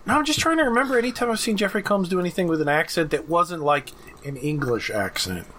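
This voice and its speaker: Male co-host, high bright voice, animated and laughing, casual podcast banter. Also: quick pace, a little hiss or hum. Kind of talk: casual chat about cartoons.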